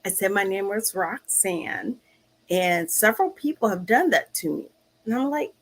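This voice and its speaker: A woman talking casually to her viewers, slow and searching, often restarting her sentences. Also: mid-range voice, big pitch swings. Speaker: vlog host. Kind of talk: casual personal talk to camera.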